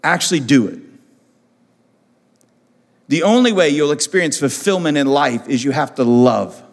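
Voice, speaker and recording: A man's voice: fairly high pitch, animated, moderate pace, big-room sound. A male pastor preaching a passionate sermon, acting out the voices of people he quotes. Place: church auditorium.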